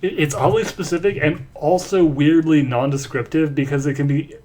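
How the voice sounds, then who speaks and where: A man's voice: fairly high pitch, fairly even intonation, moderate pace, darkish tone. A man joking and teasing in a casual group chat. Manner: teasing, jokey. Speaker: co-host.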